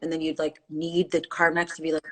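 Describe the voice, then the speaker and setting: A woman's voice: deep voice, monotone, brisk, fairly bright tone, rough recording. A woman hosting a casual live stream, bantering in a teasing, dry, playful way. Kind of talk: casual chat. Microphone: phone.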